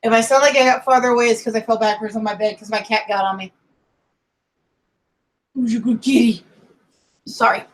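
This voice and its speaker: A woman's voice: on the high side, steady tone, very fast, few pauses. Chatty woman with a light Southern-tinged accent. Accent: mixed American with light Kentucky Southern touches. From Colorado and California, US. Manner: chatty and digressive, with laughs and playful asides. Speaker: streamer drawing while chatting. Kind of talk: casual rambling chat while drawing.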